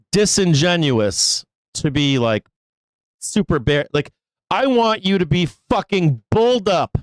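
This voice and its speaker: A man's voice: high voice, no echo, clean studio sound. A man hosting a live stock trading show, ranting in exasperation at his viewers with heavy swearing, laughing and pleading.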